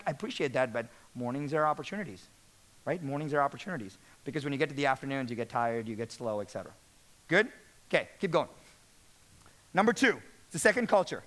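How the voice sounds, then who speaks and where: A man giving an energetic motivational business talk to a live audience, often repeating words and asking the crowd questions. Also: a little high. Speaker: speaker addressing real estate managers.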